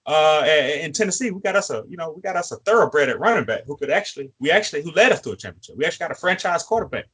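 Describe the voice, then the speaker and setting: Husky-voiced man, fired-up fan talk. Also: on the high side, expressive, very fast, few pauses, a bit bright. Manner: preachy, repetitive, addressing a player directly. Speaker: co-host. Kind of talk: fan sports podcast talk.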